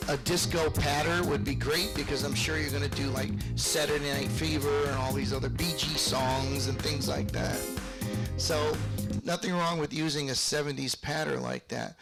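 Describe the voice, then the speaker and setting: A man's voice: on the high side, fairly even intonation, moderate pace, creaky, loud music behind the voice. A middle-aged man teaching square dance calling on a video call, chatty, explaining with hummed beats and sample calls. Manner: chatty, explains with hums and called sample lines. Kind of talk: online workshop lesson with demonstrations.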